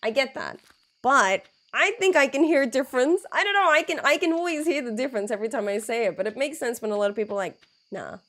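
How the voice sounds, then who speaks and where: Her high-pitched voice is animated and somewhat bright as she plays a game live, stuffy-nosed, bantering and laughing with viewers. In this casual stream chat she giggles a lot and says words again slowly to illustrate their sounds.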